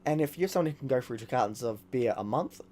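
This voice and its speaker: A man talking casually over a video game he is playing, excitable and rambling, swearing often. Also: mid-range voice, fast talker. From Australia. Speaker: gaming YouTuber. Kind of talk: casual let's-play commentary.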